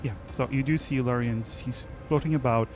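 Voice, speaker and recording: A man running a tabletop game, describing the scene in a relaxed, hesitant way. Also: mid-range voice, a little fast, faint music behind. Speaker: game master.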